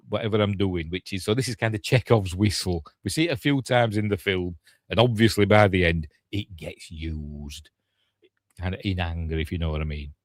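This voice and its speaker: A man's voice: low-pitched, no room sound, studio quality. An older man with a Yorkshire accent, rambling casually through a film breakdown with chatty asides and self-corrections. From Yorkshire, England. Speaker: film reviewer.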